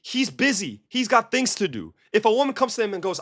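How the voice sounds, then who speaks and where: Dating coach, male, high-pitched, blunt and emphatic, talks straight to camera. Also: very animated, fairly quick, fairly bright tone. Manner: blunt, emphatic, keeps asking rhetorical questions. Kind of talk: direct-to-camera advice monologue.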